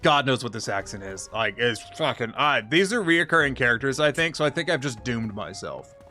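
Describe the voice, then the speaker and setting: Casual male streamer, irreverent and sweary, bright tone, lively pitch. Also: a little fast, faint music behind. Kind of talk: casual gameplay commentary with voiced dialogue.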